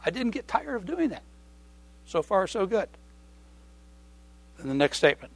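A middle-aged male preacher with a slightly high voice gives a sermon in an easy, conversational way. He repeats key phrases for weight and clears his throat often. The recording is dry and close. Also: lively intonation, normal speed, long pauses, dry recording.

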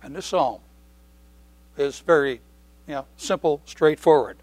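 A middle-aged man preaching a sermon in a conversational way, repeating key phrases and often clearing his throat. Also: on the high side, unhurried, darkish tone, no room sound.

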